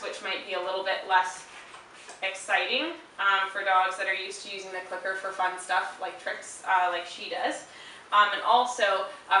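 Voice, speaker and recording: A woman dog trainer calmly explaining a handling exercise and stopping often to praise the dog in a high, chirpy voice. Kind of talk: instructional demonstration. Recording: very echoey room, mic far off, faint hiss.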